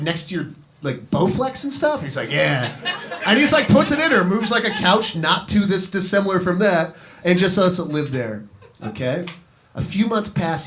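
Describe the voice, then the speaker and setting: A man doing comedic storytelling on a live advice panel, profane and rambling, swinging his voice up and down as he keeps turning to the person asking. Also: fairly high pitch. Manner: profane, rambling, animated storyteller who keeps addressing the asker. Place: comedy venue with live audience. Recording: live show with audience laughter. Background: crowd laughing.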